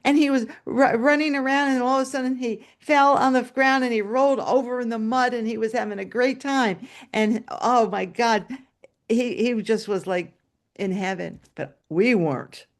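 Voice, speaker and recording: An older woman telling a personal story at a story swap over a video call, lively and expressive, voicing the dialogue. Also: fairly high pitch, moderate pace.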